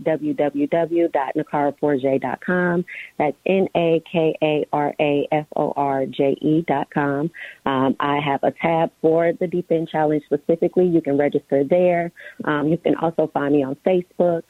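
A woman's voice: deep voice, dry recording. A woman guest in a radio interview, friendly and informal, with frequent ums. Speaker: guest, swim program founder. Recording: tinny phone line.

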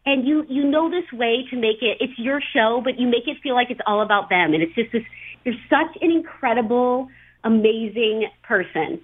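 Female call-in guest, effusive and tumbling, husky voice over a phone line. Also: fairly high pitch, expressive, normal speed. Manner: effusive, gushing, stumbling over words. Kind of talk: casual chat.

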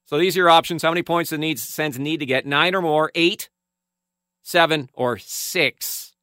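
A man hosting sports talk radio, chatting casually with lively banter and often laughing as he reads out poll numbers. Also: fairly high pitch, normal speed, dry recording, clean studio sound.

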